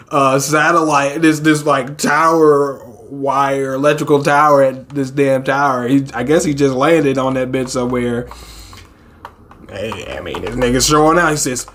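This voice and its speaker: A young man casually reading a manga chapter aloud and reacting, laughing often, swearing, and pitching his voice way up for the characters. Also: measured pace. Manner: animated, laughs often, swears, acts out characters in a high squeal.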